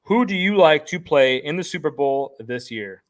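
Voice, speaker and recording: A man co-hosting a casual sports betting chat, excitable and jokey, talking in rapid bursts of hype. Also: on the high side. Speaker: podcast co-host.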